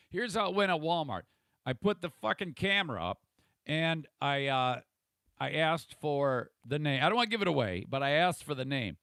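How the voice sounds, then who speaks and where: Gravelly, profane man ranting on a livestream. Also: medium pitch, a bit bright, dry recording. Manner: profane, irritable rambling with restarts. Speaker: podcast host. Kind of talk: casual livestream monologue.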